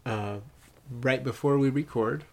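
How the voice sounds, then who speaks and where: A podcast co-host chats casually into a studio microphone, easygoing and laughing often. His voice is mid-range and his pace measured.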